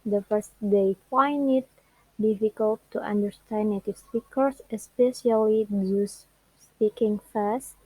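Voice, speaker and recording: In this classroom presentation, a young woman whose native language is Indonesian explains what she learned about English word stress, pausing hesitantly and drawing out sample words. Her mid-range voice is slightly rough, with fairly even intonation. There is no room sound, and the audio is narrow and tinny.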